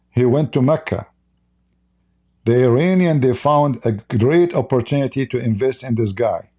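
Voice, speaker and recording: A man's voice: medium pitch, mellow. A man hosting a live stream and speaking English as a second language, giving blunt, mocking commentary and reading out viewer chat. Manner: heated, blunt, mocking, with broken non-native English.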